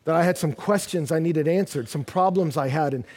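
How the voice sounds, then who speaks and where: A man's voice: fairly high pitch, a little fast, darkish tone, husky. A man preaching a sermon to a congregation, emphatic and repetitive as he acts out the psalmist's prayers. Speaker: pastor. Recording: long hall reverb.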